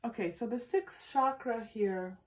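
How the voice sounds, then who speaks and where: A woman giving a pick-a-card tarot reading, speaking gently and affirmingly to her viewers, with frequent restarts. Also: on the high side, a little slow, a little hiss or hum. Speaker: tarot reader.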